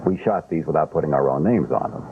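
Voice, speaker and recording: Low-voiced man telling old film stories. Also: quick pace. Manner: wry, unapologetic storyteller. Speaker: film director guest. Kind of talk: interview chat. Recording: tinny lo-fi broadcast sound, faint hiss.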